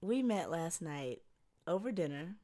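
A woman's voice: fairly low pitch, lively intonation, measured pace, mellow. A woman appearing as a guest on a casual podcast, matter-of-fact as she keeps correcting the host.

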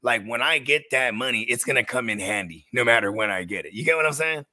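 Bright-voiced slangy man co-hosting. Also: medium pitch, fast talker, no echo. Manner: slangy, animated storyteller. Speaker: podcast co-host. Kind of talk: casual chat.

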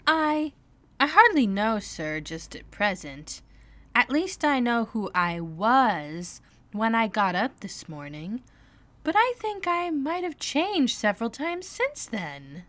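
A woman's voice: fairly high pitch, sing-song, slow pace, a bit bright, voice pushed up, exaggerated voice. A woman voicing a polite, earnest, bewildered young girl in a storybook reading, shy and sometimes flustered. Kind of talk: storybook read-aloud.

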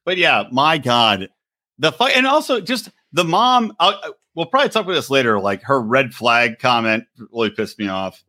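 A man co-hosting a casual reality-TV podcast, talking in an animated, profane, ranting way. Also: mid-range voice, normal speed. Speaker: podcast co-host. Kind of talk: casual chat.

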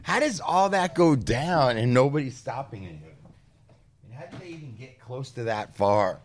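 A man's voice: medium pitch, lively intonation, moderate pace. A man co-hosting a podcast, chiming in with blunt, profane remarks in casual chat.

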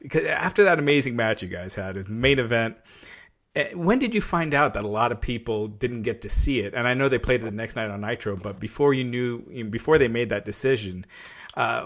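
A man of middle pitch hosts the interview and asks long, rambling questions. He talks with a fan's eager enthusiasm, stacking up details before he gets to the point. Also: creaky, a bit bright. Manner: enthusiastic fan asking long, winding questions. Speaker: interviewer, podcast host. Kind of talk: casual interview chat.

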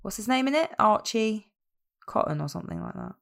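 A woman's voice: mid-range voice, expressive, brisk, gravelly. A young woman in a casual podcast chat, blunt and opinionated, swearing freely. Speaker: podcast co-host.

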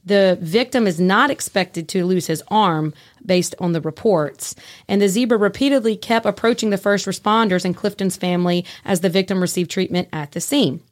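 A woman's voice: medium pitch, normal speed. A woman, co-hosting a crime podcast in a chatty, joking way. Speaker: podcast co-host. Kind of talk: casual chat and news reading.

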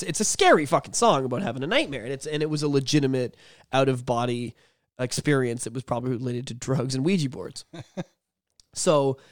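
A man's voice: medium pitch, no echo, clean studio sound. Rambling, profane male podcast host. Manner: rambling, profane, laughs often. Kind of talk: casual storytelling chat.

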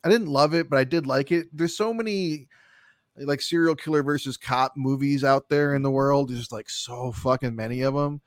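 A man's voice: mid-range voice, normal speed, dry recording, studio quality. A man co-hosting a podcast, chatting casually about movies in a rambling, profane way with frequent laughs. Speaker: podcast co-host.

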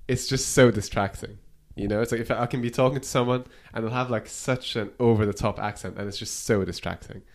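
A man's voice: on the low side, steady tone, fairly quick, few pauses. A man in casual podcast chat, rambling with lots of "like" and casual swearing. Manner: casual, fills with "like", swears freely. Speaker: podcast guest.

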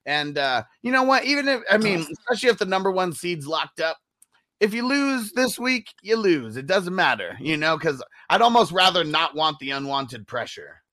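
A man's voice: sits high, big pitch swings, normal speed, pushed and bright, no room sound. A young man hosting a fantasy football stream, talking in a slangy, laid-back way and reading viewer comments aloud. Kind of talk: casual stream chat.

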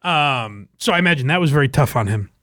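Brief: male podcast host, forties, loose chatty delivery, lively pitch, dead-dry mic. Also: fast, no echo. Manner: rambling, laughing, many fillers. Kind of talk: casual podcast chat.

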